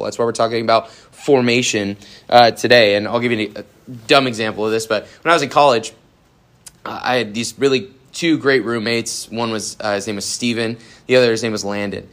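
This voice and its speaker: A young adult man giving a youth sermon in a casual, animated way, with many fillers. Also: mid-range voice, brisk. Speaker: youth pastor.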